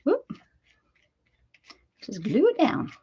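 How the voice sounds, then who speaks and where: A woman's voice: sits high, wildly swooping pitch, drawn-out words, breathy edge, highs cut off. A woman hosting a casual crafting livestream from home, chatty and laughing, who coos baby talk to her dog between crafting tips. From Pennsylvania, USA. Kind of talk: casual live-stream chat while crafting.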